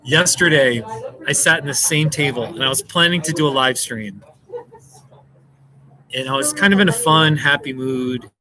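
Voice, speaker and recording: An American man hosts a casual live stream from a table indoors, chatting and laughing often as he reacts to viewer comments. His voice is mid-range and moves at a normal speed, with frequent pauses and some noise in the background.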